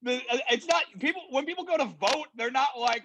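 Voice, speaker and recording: Halting, argumentative man, high voice. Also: background noise. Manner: halting, argumentative, many restarts. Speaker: comedian debater. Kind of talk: casual comic debate over a call.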